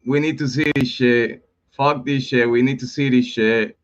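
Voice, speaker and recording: A man hosting a livestream, mocking and laughing, with rough language, then greeting his chat warmly. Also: medium pitch, steady tone, normal speed. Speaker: livestream host. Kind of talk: casual livestream commentary. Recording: dull lo-fi stream audio.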